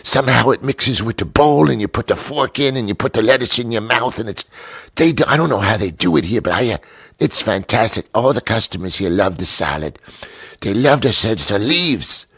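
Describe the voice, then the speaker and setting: A fawning waitress who gushes over every menu item in a high, breathy voice, as a man puts her on. She is eager to please and piles on flattery. The voice sits far above his own. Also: moderate pace, dry recording, exaggerated voice. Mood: gushing. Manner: overly eager, flattering customer service. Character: gushing, fawning female restaurant waitress.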